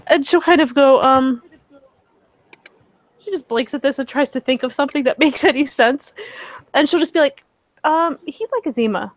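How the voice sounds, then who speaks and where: Higher voiced woman telling her character's moves in a tabletop game, giggly, dry close sound. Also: moderate pace, long pauses, dry recording. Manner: giggly, chatty narration. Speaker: tabletop role-play player.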